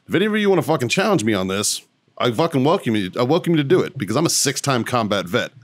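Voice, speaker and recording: A man's voice: medium pitch, big pitch swings, fast talker, no echo. A middle-aged man co-hosting a podcast, delivering a blunt, heavily profane rant with strong emphasis. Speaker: podcast co-host.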